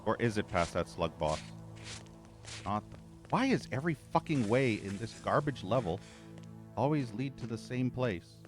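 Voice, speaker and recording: A man's voice: mid-range voice, lively intonation, moderate pace, over music. A man streaming a video game, complaining and cursing as he plays. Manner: irritated, cursing, ranting. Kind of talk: gameplay commentary.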